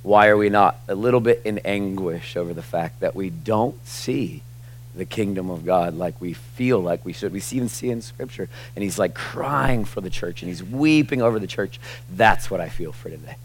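In a church sanctuary before his congregation, a pastor in his forties delivers a sermon in a relaxed, chatty way, frequently using "like" and "y'all." He speaks at a normal speed with a deep voice, and a slight hiss or hum can be heard.

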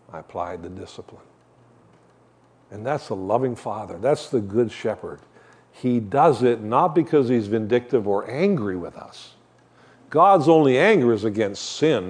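A man's voice: mid-range voice, darkish tone. An older man giving a sermon as a guest preacher, talking in a conversational way with joking asides while he shows shepherd props.

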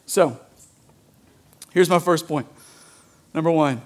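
Guy pastor preaching, kinda high voice, chatty and loose, keeps asking "right?". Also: normal speed, pauses often. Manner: conversational, lots of "like" and "right?". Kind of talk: sermon.

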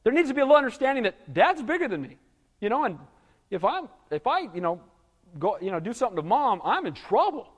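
A man's voice: very high-pitched, sing-song, fast, big-room sound. A male pastor preaching a sermon, emphatic, often asking the congregation "Amen?" and filling with "you know".

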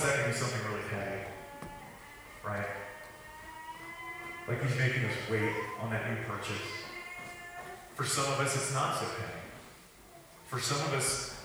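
A man's voice: fairly high pitch, bright, forceful tone, a little hiss or hum. A man preaching a sermon to his congregation, talking conversationally with joking asides. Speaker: pastor. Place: church sanctuary. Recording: echoey hall, mic from a distance.

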